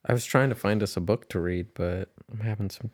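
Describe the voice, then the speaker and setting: Man, low voice, podcast co-host, casual chat, easygoing, earnest. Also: a little fast, a little mellow.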